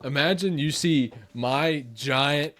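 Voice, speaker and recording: A man's voice: fairly high pitch, slow. A young man co-hosting a podcast, telling a story in casual chat and laughing through it. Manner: animated, laughs through his story and acts out voices. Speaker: podcast co-host.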